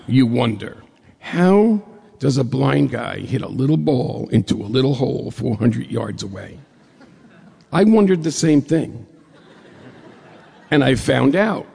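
A man from New York State telling a personal story to an audience in a lively way, acting out the dialogue as he goes. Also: mid-range voice, gravelly, husky, long reverb tail.

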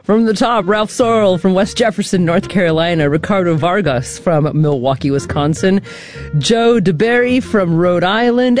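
A woman hosting a radio talk show, reading a scripted introduction in a measured, expressive way. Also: on the low side. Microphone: studio microphone.

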